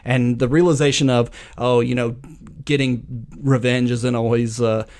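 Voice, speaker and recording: A young adult man co-hosting a podcast, retelling a movie plot in a casual, animated way and acting out the quotes. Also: mid-range voice, normal speed. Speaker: podcast co-host. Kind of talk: casual movie recap chat.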